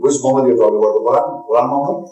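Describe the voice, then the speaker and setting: A man's voice: mid-range voice, very fast, mellow, soft background music. A man gives a religious lecture, answering a questioner in an insistent, repetitive, emphatic way. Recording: echoey room, distant mic.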